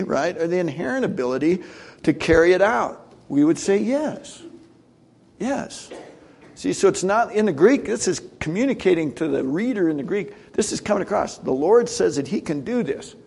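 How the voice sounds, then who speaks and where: Gravelly middle-aged man preaching. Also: high voice, animated, moderate pace, darkish tone. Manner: conversational, many asides and rhetorical questions. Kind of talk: sermon.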